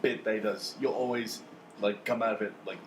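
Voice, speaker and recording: A man's voice: fairly low pitch, fairly even intonation, brisk. A young man co-hosting a podcast, chatting casually and chiming in agreeably. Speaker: podcast co-host. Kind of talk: casual chat. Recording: very noisy recording.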